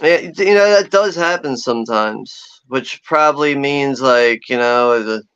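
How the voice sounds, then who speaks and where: A man's voice: medium pitch, measured pace, fairly bright tone, smooth. A man chatting casually and profanely on a livestream, rambling and laughing as he talks. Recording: dull lo-fi sound.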